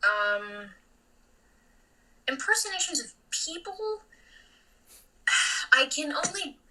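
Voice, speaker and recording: Woman comedian, blunt and animated, high bright voice, relaxed interview talk. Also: slow, distant mic, rough recording. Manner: blunt, animated, swings between loud and muttered. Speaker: comedian guest. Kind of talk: casual podcast conversation.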